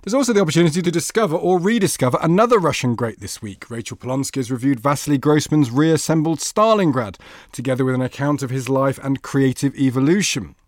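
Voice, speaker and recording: Male podcast host, brisk and upbeat, mid pitch, dry close mic. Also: no echo. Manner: lively, reads intros then banters. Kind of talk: literary magazine podcast chat.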